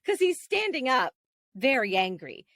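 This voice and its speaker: A woman, co-hosting a podcast as a casual, animated storyteller who laughs often. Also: high-pitched, unhurried, no room sound, studio quality. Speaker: podcast co-host. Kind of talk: casual chat.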